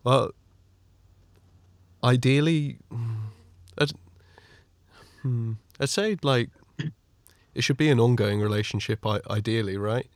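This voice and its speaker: A man hosting a casual interview, asking relaxed follow-up questions and offering brief agreement. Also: medium pitch, slow pace, pauses often, no echo. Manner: relaxed, prompting questions, frequent backchannels. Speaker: podcast host.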